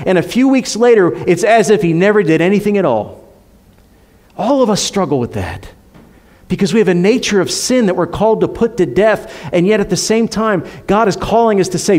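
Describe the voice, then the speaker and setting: A man preaching a sermon to a congregation, emphatic, climbing on rhetorical questions and dropping soft for effect. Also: sits high. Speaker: pastor. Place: church.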